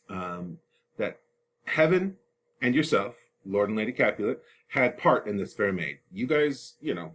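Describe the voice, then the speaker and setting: A man's voice: on the low side, fairly bright tone, slight background noise. A man teaching, explaining a play to students in a casual, chatty way. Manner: casual and chatty, with fillers and laughs.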